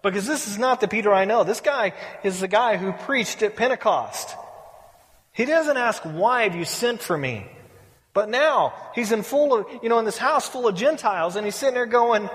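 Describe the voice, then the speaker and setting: A man's voice: sits high, big pitch swings, normal speed, fairly bright tone. A middle-aged man preaching a sermon, telling stories with playful humor and acting out the people he quotes. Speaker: pastor. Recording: reverberant hall.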